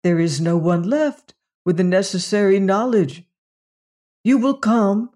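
A reader voicing a gentle, sorrowful alien villager who speaks in formal, old-fashioned phrases, in an audiobook story. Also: medium pitch, a little slow, natural voice. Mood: sorrowful, pleading. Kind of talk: audiobook reading.

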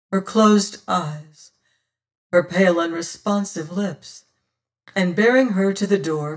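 A male audiobook narrator tells an old-fashioned sea adventure in the first person. His voice sits high for a man, and he takes an unhurried, solemn pace.

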